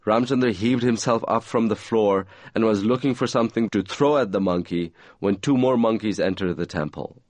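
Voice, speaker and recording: A man reading aloud from his own novel in a measured, even storytelling manner. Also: lowish voice, no echo.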